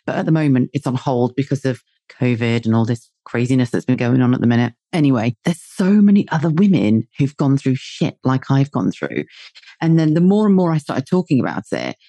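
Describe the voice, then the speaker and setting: A woman's voice: a bass voice, very animated, brisk, dark tone, no echo, clean studio sound. A woman in her forties from the UK, a podcast host chatting casually in a blunt, sweary way and laughing often. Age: 40s. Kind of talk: casual chat.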